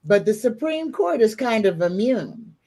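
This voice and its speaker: A woman's voice: a little high, very animated, unhurried, mellow. A woman in a casual political chat on a video call, making folksy, earnest predictions.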